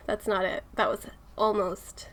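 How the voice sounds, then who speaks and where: A woman's voice: medium pitch, little pitch movement, takes it slowly, a bit bright. A woman co-hosting a podcast in casual chat, giggly and self-conscious, laughing often. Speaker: podcast co-host.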